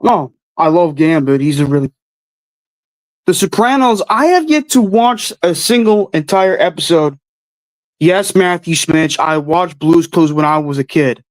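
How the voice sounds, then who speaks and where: A man's voice: a little high, animated, a little slow, no room sound. A man hosting a livestream, answering chat questions with blunt, offhand opinions and casual swearing. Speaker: host answering live chat.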